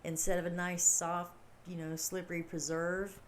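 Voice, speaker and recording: A woman's voice: lowish voice, little pitch movement, moderate pace, slight background noise. A middle-aged woman hosting a livestream, talking casually in a rambling, chatty way and laughing often. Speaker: livestream host. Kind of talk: casual chat.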